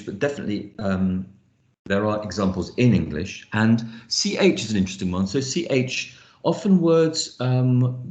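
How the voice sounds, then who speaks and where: A man with a lowish voice leads an online phonics lesson, stopping often to think and spelling out letters. His voice carries a noticeable room echo around it. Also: darkish tone, highs cut off. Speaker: lecturer. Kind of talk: online teaching session.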